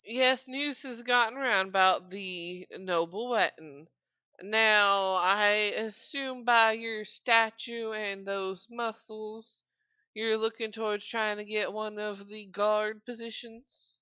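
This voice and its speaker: A woman's voice: mid-range voice, steady tone, slow, bright, forceful tone, clear, resonant tone, dry recording. A woman doing a businesslike green-spotted mother.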